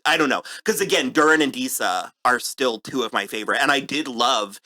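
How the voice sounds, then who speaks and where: A man co-hosting a podcast, chatting casually in a review, halting and laughing often. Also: medium pitch, animated, pushed and bright. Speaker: podcast co-host.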